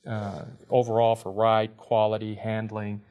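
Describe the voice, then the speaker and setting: Low-voiced man with measured, halting answers. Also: monotone, a little mellow, lo-fi sound. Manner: measured, hesitant, many fillers. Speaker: guest engineer. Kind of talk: studio interview answers.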